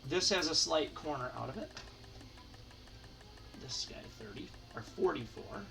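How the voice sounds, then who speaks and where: The Michigan-based host of a hockey card channel talks casually while counting and sorting his cards out loud. Heard far from the mic over music, his fairly high, gravelly voice is unhurried and lively in intonation.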